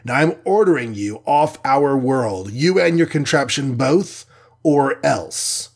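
A man's voice: medium pitch, lively intonation, measured pace. A man voicing a cocky, armored male superhero in a storybook reading, talking brashly and cheerfully.

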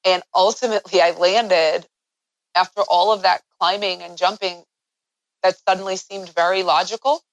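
A woman guest in an interview, telling a personal story in an earnest way that grows animated as she recounts events. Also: fairly low pitch, moderate pace, dry recording, low-quality recording.

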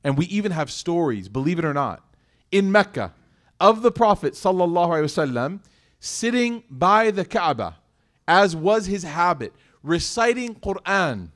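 An Islamic lecturer with a slightly higher voice gives a lively religious lecture at normal speed. He keeps posing rhetorical questions to his listeners and breaks things up with casual, joking asides.

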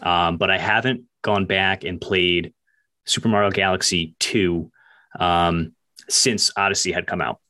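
A man's voice: low-pitched, steady tone, measured pace, pushed and bright. A man on a casual gaming podcast, talking about games with upbeat enthusiasm. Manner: enthusiastic, upbeat gamer talk. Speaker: podcast co-host.

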